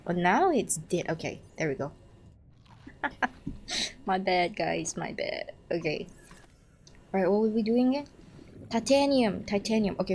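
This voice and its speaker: A young woman streaming a game, chatting casually, excitable, swearing and laughing at her own mistakes. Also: medium pitch, slight background noise.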